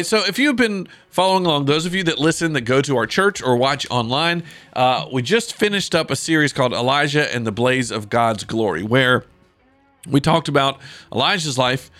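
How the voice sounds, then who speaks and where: A male pastor talks through a Bible passage for his podcast, loose and conversational, full of little asides. He reads the verses aloud and comments as he goes. His voice sits at a middling pitch and is recorded close and dry, with no room sound. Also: fairly bright tone, no room sound. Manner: casual, conversational, with asides and fillers.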